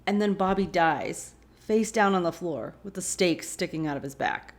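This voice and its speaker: A woman hosts a rewatch show in a slightly lower-pitched voice. She recaps the episode casually and reacts openly as she retells it, gasping and protesting at the twists. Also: normal speed. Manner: expressive, reacts emotionally while retelling.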